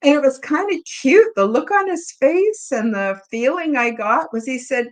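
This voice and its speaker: Hosting a live podcast chat, this woman speaks at normal speed in a high, animated voice. Her personal story comes out rambling, casual and heartfelt, openly emotional and peppered with "you know."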